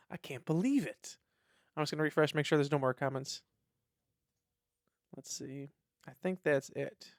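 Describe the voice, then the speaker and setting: A man co-hosting a podcast, chatting casually in quick, upbeat banter. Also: a little high, no room sound. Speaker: podcast co-host. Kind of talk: casual chat.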